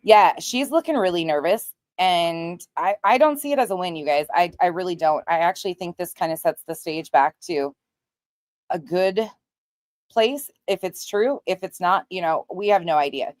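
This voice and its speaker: Woman livestream host: low voice, chatty and blunt, dry close mic. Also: moderate pace, no room sound. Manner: chatty, greets viewers by name; blunt, swears casually. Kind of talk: casual livestream chat.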